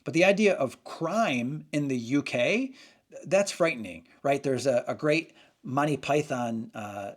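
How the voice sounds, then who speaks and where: A man's voice: medium pitch, animated, unhurried. A man hosting a casual opinion monologue, rambling and often stopping to correct himself. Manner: rambling, frequent restarts and self-corrections. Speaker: channel host.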